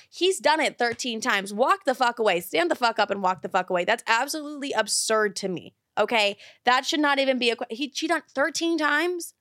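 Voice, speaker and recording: A woman's voice: a little high, lively intonation, fairly quick, a bit bright, dry recording, clean studio sound. A young woman hosting an advice show, giving blunt, profane, emphatic advice in a casual way. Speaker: advice podcast host.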